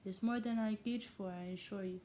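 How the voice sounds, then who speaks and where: A woman's voice: mid-range voice, steady tone, a little fast, warm tone, a little hiss or hum, close to an everyday voice. A woman who is not a native English speaker voicing a dry, weary middle-aged husband who teases his wife.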